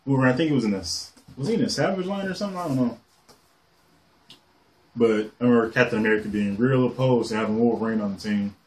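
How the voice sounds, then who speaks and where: Excitable rambling man showing comics. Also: medium pitch. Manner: excited, rambling, swears casually. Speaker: comic collector vlogger. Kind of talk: casual show-and-tell.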